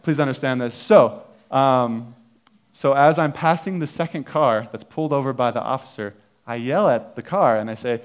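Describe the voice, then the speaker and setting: A man's voice: medium pitch, a little fast, smooth. Young male preacher telling a casual story. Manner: casual, self-deprecating storytelling with many fillers. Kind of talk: sermon with personal story.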